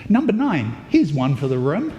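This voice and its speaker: A man's voice: a little high, huge pitch swings, moderate pace, mellow, in a large hall, lo-fi sound. A male preacher giving a conversational sermon, thinking aloud with fillers and restarts. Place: church.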